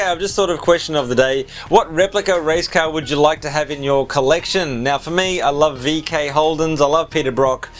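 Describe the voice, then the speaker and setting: A chatty, easygoing man narrates a car vlog in a slightly high voice and addresses his viewers directly. Soft music plays faintly underneath. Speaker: car video host.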